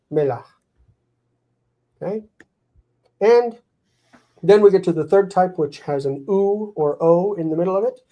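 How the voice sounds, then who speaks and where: A man teaching a live online grammar lesson, sounding out words slowly and explaining their forms. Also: high-pitched, warm tone, poor audio. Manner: explains, repeats words slowly, reads out comments.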